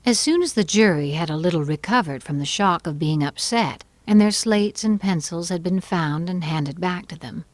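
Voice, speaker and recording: A woman narrating an unabridged audiobook in an expressive, measured reading. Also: on the low side, no echo. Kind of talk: scripted narration.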